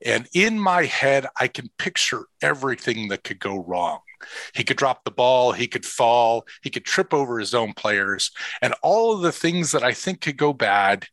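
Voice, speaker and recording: A man's voice: medium pitch, moderate pace, dry recording. A middle-aged man telling an emotional personal story as a father and coach, earnest and heartfelt, acting out what others said. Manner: earnest, emotional, quotes others in lively voices. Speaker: father and assistant football coach.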